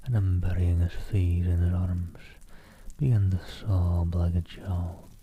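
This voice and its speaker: A man reading a novel aloud as an ASMR streamer, in soft whispered narration close to the mic. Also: deep voice, little pitch movement, slow pace, breathy edge, no room sound.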